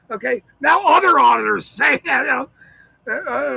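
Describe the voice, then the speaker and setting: A man in a profane, shouting monologue, ranting as the host of his own channel. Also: very high voice, expressive, moderate pace, creaky, no echo, rough recording. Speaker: citizen auditor channel host.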